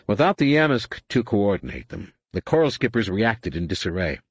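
A male audiobook narrator giving a dramatic, animated reading. His voice sits low, swings widely in pitch, and sounds dry and close to the mic. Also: moderate pace, husky, no room sound. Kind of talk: scripted narration.

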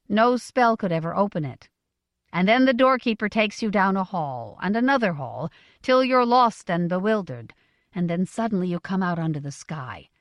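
A woman's voice: medium pitch, no room sound, studio quality. A woman voicing a big, strong, earnest young village woman in an audiobook, eager and wondering. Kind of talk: audiobook character voice.

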